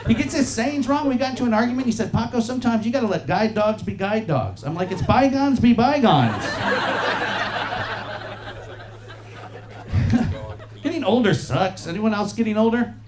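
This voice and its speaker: A man in his forties performing a stand-up comedy set on a club stage into a handheld mic, profane and animated, often acting out other people's voices. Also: high-pitched, a little slow, long pauses. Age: 40s. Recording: live club set with crowd laughter. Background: audience laughing.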